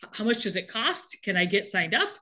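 Woman podcast host retelling a soap ep, animated and giggly, normal mid voice. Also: mid-range voice, brisk. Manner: animated, storytelling, laughs often. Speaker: podcast co-host recapping a TV show. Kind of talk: casual chat, recapping episode.

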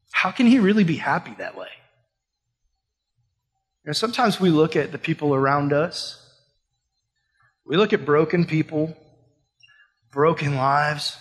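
Young male pastor, high-pitched, casual preaching style, long reverb of a hall. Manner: casual, conversational preaching with rhetorical questions. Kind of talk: sermon.

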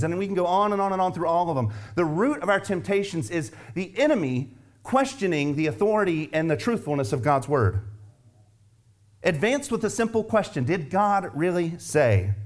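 A man preaching a sermon as pastor, emphatic and driving home points with repeated rhetorical questions. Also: on the high side.

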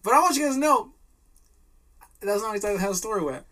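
Brief: young male co-host, lively swinging delivery, swears, acts out quotes. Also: sits high, fast. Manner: animated storyteller, swears freely, acts out quotes. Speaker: podcast co-host. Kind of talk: casual chat.

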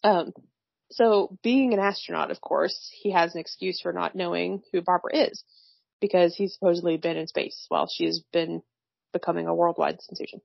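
A woman with a fairly low voice chats her way through a film plot, wry and slangy, with frequent laughter. The recording is dry and a little dull, with no room sound. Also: fairly even intonation, normal speed, gravelly, dry recording. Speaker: podcast co-host recapping a film. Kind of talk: casual chat.

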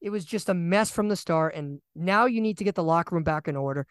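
A young man co-hosting a casual sports podcast, animated and ranting, often repeating himself. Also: sits high, quick pace, smooth, dry recording. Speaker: podcast co-host.

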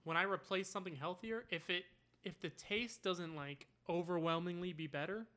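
A man co-hosting a casual podcast chat who drops quick, joking asides. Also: high voice, fairly even intonation, bright, forceful tone. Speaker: podcast co-host.

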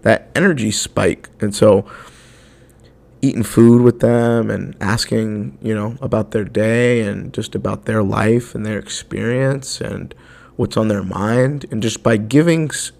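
Gravelly, earnest male podcast host. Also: on the low side, a little slow, a little mellow. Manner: earnest, blunt, casual with occasional swearing. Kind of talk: solo motivational podcast monologue.

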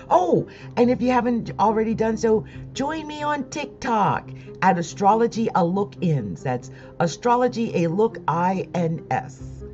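A woman's voice: a little high, expressive, measured pace, a little mellow, dull audio, soft background music. A woman vlogging about astrology, talking casually and emotionally, rambling with laughs and close to tears. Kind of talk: casual monologue to viewers.

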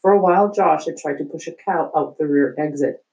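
A woman's voice: deep voice, a little fast, vocal fry, darkish tone, highs cut off. A woman reading a children's book aloud, stopping to explain hard words with small fillers. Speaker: reader.

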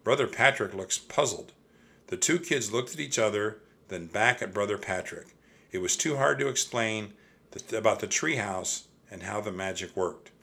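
A man reading a children's chapter book aloud as narrator, with expressive storytelling. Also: on the low side, moderate pace, gravelly.

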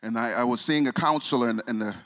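A man, preaching a sermon and telling a personal story, often repeating himself and dropping soft when moved. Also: mid-range voice, fast talker. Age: 40s. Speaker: pastor. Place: church sanctuary. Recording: long hall reverb.

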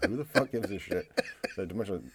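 A man's voice: low voice, brisk, a loud crowd. A man co-hosting a casual podcast chat, talking loosely and with profanity. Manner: loose and profane, mimics accents for laughs. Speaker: podcast co-host.

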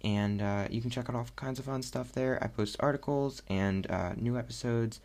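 A man's voice: mid-range voice, moderate pace. A young man hosting his own podcast, chatting casually and rambling with lots of fillers. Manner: rambling, animated, many fillers. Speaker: podcast host. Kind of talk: casual solo podcast chat.

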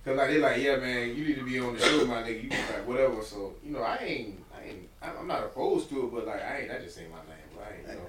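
A young man in a casual podcast chat, telling a long story. His voice sits mid-pitch and leaps up when he acts out other people. The sound is roomy and a bit distant from the mic. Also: fast talker, hardly any pauses, a little hiss or hum. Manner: animated storyteller, swings loud and high when reenacting, drops low when calm. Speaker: podcast guest.

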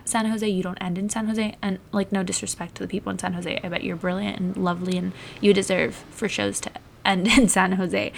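A woman's voice: medium pitch, slight background noise. A young adult woman chatting casually to her viewers, bubbly and rambling with lots of fillers and asides. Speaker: vlogger. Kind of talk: casual chat to camera.

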